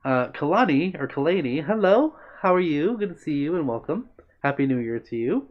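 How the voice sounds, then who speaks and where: Speaking in a fairly high, sing-song voice at a moderate pace, a man runs a livestream where he reads comments and greets viewers by name. He's friendly and meandering, and the audio is dull.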